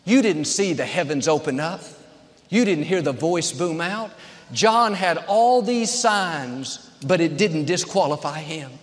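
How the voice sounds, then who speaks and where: A man's voice: fairly high pitch, animated, unhurried, big-room sound. A man preaching a sermon as a pastor, with an emphatic cadence built on short, repeated phrases.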